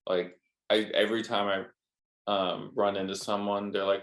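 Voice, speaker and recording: A man's voice: deep voice, level tone, moderate pace, gravelly. A man chatting casually, telling a rambling travel story with many fillers and restarts. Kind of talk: casual chat.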